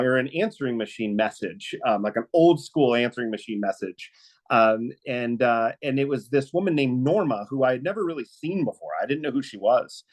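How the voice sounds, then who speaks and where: A man speaking on a webinar, telling a personal story in an earnest, halting way with many fillers and restarts. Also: mid-range voice, low-quality recording.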